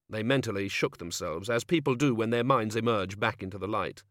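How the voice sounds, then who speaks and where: A man narrating an audiobook with expressive, dry storytelling. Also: on the low side, fairly quick, few pauses, no room sound. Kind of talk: scripted narration.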